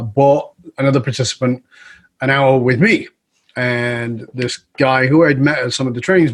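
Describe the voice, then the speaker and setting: A middle-aged man guesting on a podcast, spinning a long personal story with lively delivery. He slips into the voices of the people he quotes and keeps a conversational, mid-pitched tone throughout. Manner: animated, acts out quoted voices.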